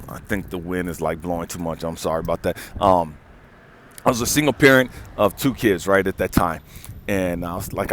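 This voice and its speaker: Outdoors in the wind, a life coach tells a story in a blunt, profane, preachy motivational rant. His voice is low and he talks a little fast.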